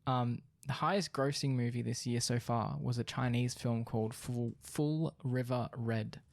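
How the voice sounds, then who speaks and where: A man's voice: mid-range voice, fairly even intonation, measured pace, vocal fry, a little mellow, no echo, clean studio sound. Young man, rambling podcast chat. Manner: rambling, thinks aloud with many fillers. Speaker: podcast co-host. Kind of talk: casual chat.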